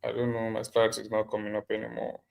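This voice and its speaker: A man's voice: on the low side, completely flat delivery, fast talker, creaky, darkish tone. A man teaching a live online design class over a computer mic, often repeating himself and asking the class questions. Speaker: design instructor.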